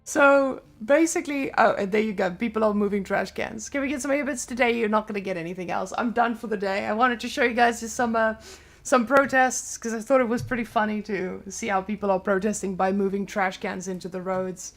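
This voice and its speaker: Serbian woman with a creaky voice. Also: mid-range voice, fairly even intonation, brisk. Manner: chatty, loose non-native English with restarts. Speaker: streamer. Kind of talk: casual live-stream chat.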